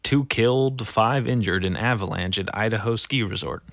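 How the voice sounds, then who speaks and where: A man who is sick, reading news headlines aloud in a casual, foul-mouthed way, swinging from mumbling to shouting. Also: lowish voice, moderate pace, vocal fry, dry recording. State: sick, voice going rough. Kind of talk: casual profane commentary.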